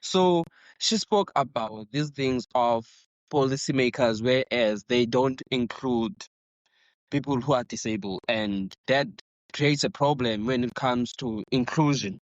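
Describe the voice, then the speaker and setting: Halting man host, dull dry sound. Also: mid-range voice, dry recording. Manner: halting, restarts sentences, earnest. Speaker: podcast host. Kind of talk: casual interview conversation.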